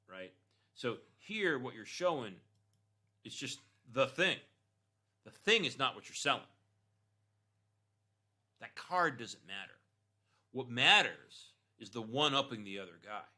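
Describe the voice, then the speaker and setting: A man's voice: mid-range voice, pushed and bright. A man talking casually while reviewing an online store, with frequent "right?" and "you know" and punchy emphasis. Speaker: e-commerce store consultant.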